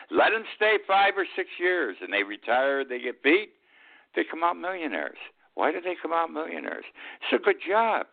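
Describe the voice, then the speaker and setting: A man's voice: a little high, vocal fry. A man hosting his own weekly radio talk show, giving blunt, indignant opinion commentary. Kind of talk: opinion monologue. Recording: tinny phone-like lo-fi sound.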